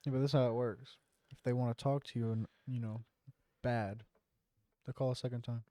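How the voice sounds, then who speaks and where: A man's voice: mid-range voice, steady tone, fairly quick, dark tone, no echo. A man co-hosting a casual podcast, tossing in dry, teasing remarks. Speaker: podcast co-host. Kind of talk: casual chat.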